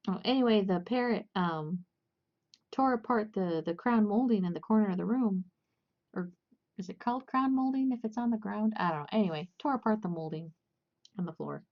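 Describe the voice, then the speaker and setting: A woman's voice: mid-range voice, brisk, lo-fi sound. A young woman casually chatting and rambling with lots of fillers and restarts while hosting a crochet livestream.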